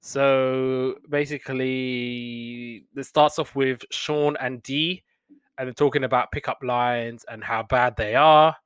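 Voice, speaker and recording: This young man hosts a podcast reviewing TV shows, giving a chatty, loose recap of a sitcom episode full of fillers and quick laughs. His mid-range voice is steady, fairly bright and smooth, recorded with no echo.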